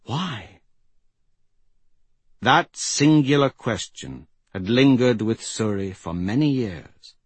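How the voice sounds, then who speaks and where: A man reading a fantasy audiobook in a measured, dramatic way, with his pitch rising in the tense passages. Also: lively intonation, slightly rough, dry recording. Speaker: audiobook narrator. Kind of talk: scripted fantasy narration.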